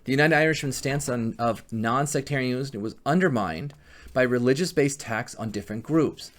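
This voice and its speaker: A man's voice: mid-range voice, a bit bright. A man giving a history lecture, often stopping to correct himself mid-word as he explains. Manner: halting, frequent restarts and self-corrections. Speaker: history teacher.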